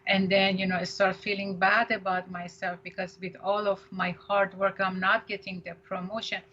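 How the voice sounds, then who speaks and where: A woman's voice: mid-range voice, little pitch movement, moderate pace, bright, forceful tone. A female co-host on a counseling radio show, explaining steadily and often adding "you know" and "right?". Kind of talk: radio talk show discussion. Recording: dull lo-fi radio audio with faint hiss.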